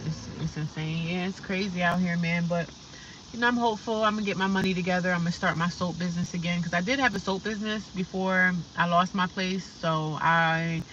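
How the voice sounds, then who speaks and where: A woman's voice: fairly low pitch, bright, forceful tone, recorded from a distance, dull audio, slight background noise. A woman chatting casually on a livestream from her car, rambling and talking straight to her viewers. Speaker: livestreaming vlogger. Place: inside a parked or slowly driving car.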